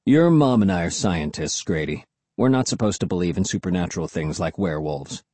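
A man's voice: low-pitched, animated, a little fast, warm tone, slightly rough, no echo, voice pushed down. A man doing a dry, skeptical scientist dad. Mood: amused. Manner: dry, amused, matter-of-fact. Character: joking skeptical scientist father. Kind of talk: audiobook character voice.

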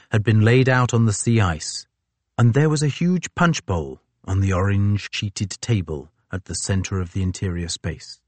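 Guy reading an audiobook, lowish voice, dry close sound, slow careful storytelling. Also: darkish tone, no echo. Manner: measured, descriptive storytelling. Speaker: narrator. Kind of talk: audiobook narration.

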